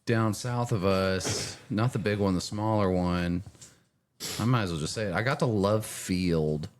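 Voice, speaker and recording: A man's voice: lowish voice, a little slow. A man hosting a casual podcast chat, telling the story of his trip. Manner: chatty, storytelling trip recap. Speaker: podcast host.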